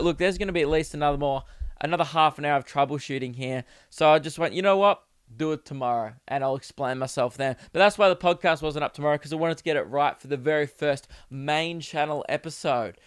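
Joking young Australian man, crisp voice. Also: on the high side, no echo, studio quality. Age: 20s. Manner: rambling, jokey and crude, laughs often. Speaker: podcast host. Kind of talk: casual solo podcast chat. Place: home recording setup.

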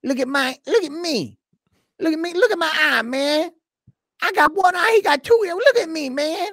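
A man putting on an exaggerated impression of a famous boxer, high and breathy. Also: animated, normal speed, fairly bright tone, dry recording, clean studio sound, exaggerated voice. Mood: mocking.

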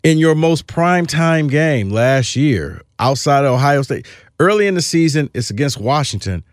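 A man's voice: a little high, lively intonation, moderate pace, no echo, clean studio sound. A man co-hosting a sports podcast, talking in a casual, emphatic and opinionated way, often restarting his phrases.

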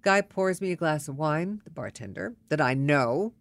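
Woman storyteller, lowish voice, wry and fed-up, dry close mic. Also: expressive, normal speed, no echo. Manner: wry, exasperated, conversational. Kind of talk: casual personal storytelling.

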